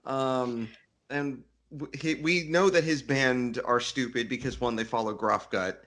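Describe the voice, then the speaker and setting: A man's voice: medium pitch, measured pace, fairly bright tone. A man co-hosting a casual book podcast, rambling a little and often correcting himself as he talks. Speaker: podcast co-host. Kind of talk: casual book-club chat.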